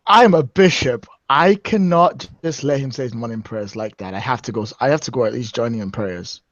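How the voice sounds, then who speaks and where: A man's voice: mid-range voice, brisk, no echo. A man playing a tabletop game, animatedly describing what his character does. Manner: animated, explaining his moves. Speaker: player. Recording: muffled lo-fi recording.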